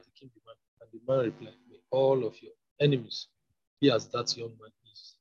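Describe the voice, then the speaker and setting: A man reading a Bible passage aloud in a plain, steady way. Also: mid-range voice, fairly quick, husky. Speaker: scripture reader. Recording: dull lo-fi recording.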